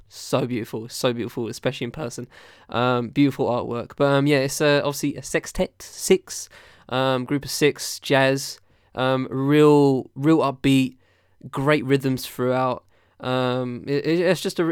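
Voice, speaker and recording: Rambling male host with a smooth, dry voice. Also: medium pitch, dry recording. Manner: rambling, loose, full of fillers and restarts. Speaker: podcast host reviewing albums. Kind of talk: casual chat.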